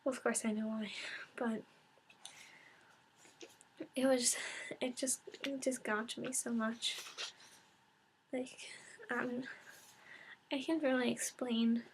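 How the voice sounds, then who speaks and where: A woman records a casual book review, half-whispering and close to tears as she talks. Her voice sits fairly high but stays flat, with a lot of gravelly fry. She pauses often and restarts her sentences. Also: slight background noise.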